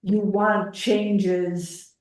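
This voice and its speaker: A woman's voice: medium pitch, little pitch movement, extremely slow, darkish tone. A woman on a town board, speaking hesitantly and searching for her words during a meeting. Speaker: board member. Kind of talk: public meeting discussion. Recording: echoey room, mic far off.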